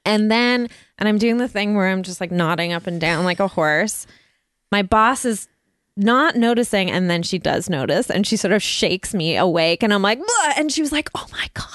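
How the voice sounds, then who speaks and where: A woman's voice: mid-range voice, moderate pace, clear, resonant tone, no room sound, clean studio sound. A woman hosting a podcast, telling a story in a chatty, self-mocking way and laughing often. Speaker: podcast host. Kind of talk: casual chat.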